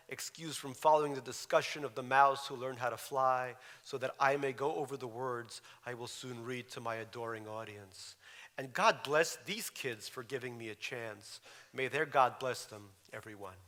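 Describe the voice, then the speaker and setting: A man's voice: mid-range voice, sharp tone. A man in his forties, born in Russia, reading aloud from his memoir with wry, dry humor. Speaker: author. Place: lecture hall. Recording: reverberant lecture hall.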